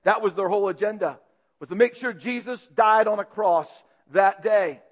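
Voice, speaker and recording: A high-voiced preacher tells a dramatic story, swinging between loud bursts and hushed passages. A long echo trails his words, as in a big hall. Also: moderate pace.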